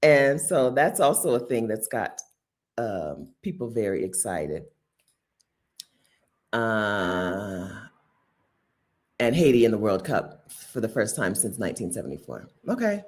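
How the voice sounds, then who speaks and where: A woman with a low voice hosts a relaxed livestream, chatting with her viewers and reading their comments aloud. Her delivery is animated, her pitch leaps high and drops low, and she laughs often between chatty asides and restarts. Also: unhurried, pauses often. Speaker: livestream host.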